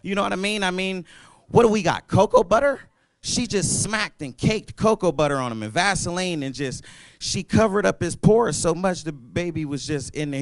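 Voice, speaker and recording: High-voiced animated stand-up comedian man. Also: normal speed, no echo. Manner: animated, loud and playful, apologetic asides to the crowd. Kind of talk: open mic stand-up set. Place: comedy club stage.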